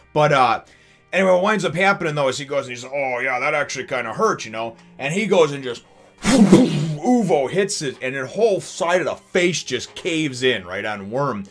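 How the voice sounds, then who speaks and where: A man hosting a casual episode review, rambling and animated, full of fillers, chuckles and acted-out bits. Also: mid-range voice. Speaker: anime reviewer and channel host.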